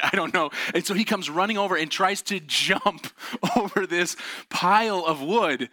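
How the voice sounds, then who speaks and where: A man giving a motivational talk, telling personal stories in an animated, earnest way and laughing often. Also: high-pitched, moderate pace, dry recording. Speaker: speaker.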